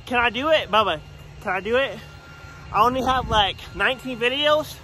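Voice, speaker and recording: A man's voice: extremely high pitch, normal speed, pushed and bright. A male vlogger talking straight to his viewers outdoors in a park, hyped and motivational. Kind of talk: casual vlog chat. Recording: faint outdoor noise.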